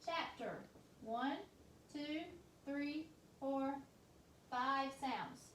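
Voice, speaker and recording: Woman teacher, high-voiced, phonics dictation, a bit off-mic with faint noise. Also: fairly bright tone, roomy sound, far from the mic. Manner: slow, deliberate, sounds out each letter.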